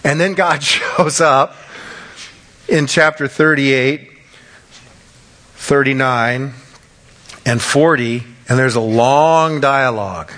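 A man in his fifties preaching a sermon, telling stories in an animated way and acting out the people he quotes. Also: mid-range voice, slow pace, long pauses. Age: 50s.

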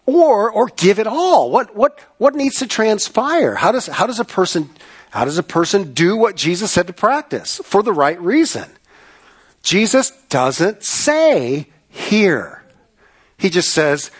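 A man delivering a sermon with a fairly high voice. He presses his points by repeating phrases and firing rhetorical questions at the congregation, earnest and emphatic throughout. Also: sing-song, a little slow, slightly rough. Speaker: pastor.

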